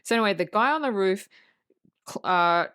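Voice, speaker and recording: Woman co-host, mid-pitched, casual movie chat, blunt and profane, acts out the quotes. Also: expressive, moderate pace, fairly bright tone, smooth. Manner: blunt, swears freely, retells scenes acting out lines. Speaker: podcast co-host. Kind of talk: casual film review chat.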